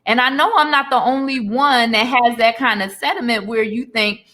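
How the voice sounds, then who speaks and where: A woman in her forties speaks as an interview guest, telling her life story with earnest emotion and talk of faith. Her voice is bright and forceful, sitting a little high. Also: moderate pace, few pauses. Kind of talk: candid personal testimony.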